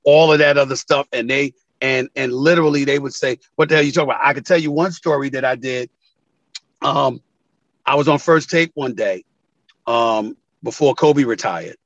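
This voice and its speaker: A sports TV commentator tells stories emphatically in an interview, acting out quoted phone calls with big swings in pitch. He speaks at a moderate pace in a lo-fi recording with no echo.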